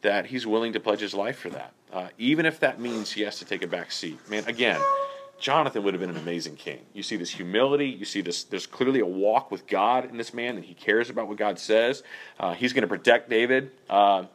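A man's voice: on the low side, a little fast, a bit bright, slight background noise. A man leading a Bible study in a casual, conversational way, often checking in with "okay?" and "right?". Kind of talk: casual teaching.

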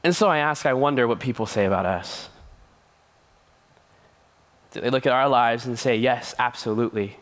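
An earnest young man preaches to a youth group in a conversational tone. He slips in light, playful asides between the serious points. His voice sits at an everyday middle pitch. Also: normal speed, pauses often, a bit bright. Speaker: youth pastor. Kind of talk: sermon.

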